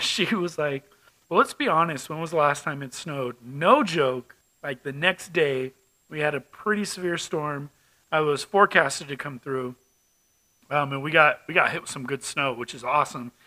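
A man's voice: on the high side, bright, forceful tone, low-quality recording. A man hosting his own podcast alone, talking in a rambling, chatty way full of asides and jokes. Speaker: podcast host. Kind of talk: casual solo podcast chat.

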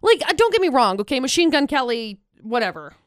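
A woman co-hosting a radio show, gossiping in an expressive, emphatic way. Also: high voice, fairly quick, no echo, studio quality. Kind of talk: casual radio banter.

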